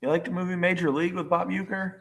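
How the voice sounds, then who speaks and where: A man's voice: high voice, fairly even intonation, quick pace, gravelly, a bit bright. A man co-hosting a wrestling podcast in casual chat, trading wry, teasing banter. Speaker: podcast co-host.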